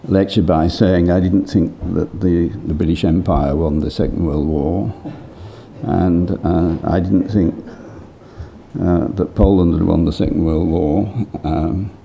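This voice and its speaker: Older male lecturer, deep and gravelly, thinking aloud with lots of fillers. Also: steady tone, measured pace, dark tone. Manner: hesitant, many fillers and restarts. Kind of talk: impromptu academic remarks.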